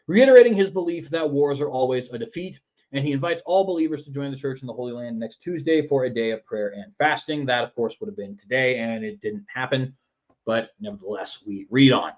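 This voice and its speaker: A man's voice: mid-range voice, a little fast, muffled recording. A man hosting a political commentary show in a sarcastic, mocking manner. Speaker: news commentary host.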